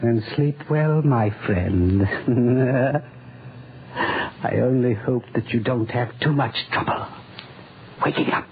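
An actor playing a sly, menacing schoolmaster villain in a 1940s radio drama, with a suave, mocking manner. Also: male voice, medium pitch, slow, long pauses, noisy background. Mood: gloating. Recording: tinny old radio broadcast.

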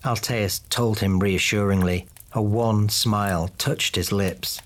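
A man narrating a fantasy audiobook in a steady, even way. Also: on the low side, takes it slowly.

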